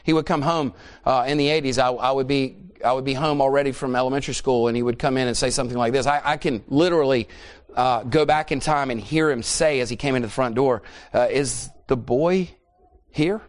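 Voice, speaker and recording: A man's voice: mid-range voice, fairly even intonation, fast. A middle-aged man preaching a sermon, emphatic and repeating phrases for emphasis.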